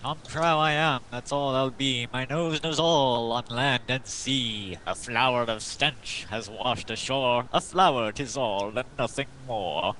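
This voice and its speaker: A man holding his nose to play a nasal old gnome guard in a game. He recites rhymes in a pinched, sing-song chant with a bright, forceful edge. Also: mid-range voice, unhurried, hardly any pauses, slight background noise, low-quality recording. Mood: solemn.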